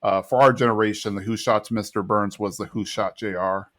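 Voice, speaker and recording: A man's voice: on the low side, fairly even intonation, fairly quick, a bit bright. A young man in casual podcast chat, retelling a cartoon episode and acting out the characters' lines. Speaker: podcast co-host recapping episodes.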